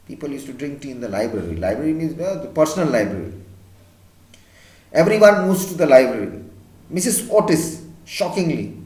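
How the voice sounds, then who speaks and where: A man's voice: medium pitch, big pitch swings, fairly quick, a little mellow, roomy sound, rough recording. A man teaching an English literature class, reading a story aloud and explaining it in simple words.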